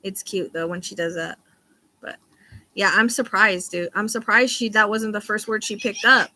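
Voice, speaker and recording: Bright-voiced woman chatting on a livestream. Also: mid-range voice, fairly even intonation, moderate pace. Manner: chatty, swears casually, reads chat. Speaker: livestream host. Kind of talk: casual livestream chat.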